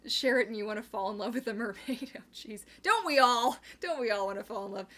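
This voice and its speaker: A young woman from Canada hosting a casual live chat, bubbly and rambling, reading viewer comments aloud and breaking into quick laughs. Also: fairly high pitch, fairly bright tone. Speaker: livestream host.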